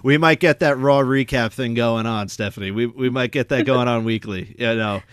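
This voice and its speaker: A man's voice: medium pitch, normal speed, fairly bright tone, smooth, no room sound, studio quality. A man hosting a podcast, asking questions and thanking his guest with polite, somewhat formal phrasing. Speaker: podcast host. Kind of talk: casual podcast interview.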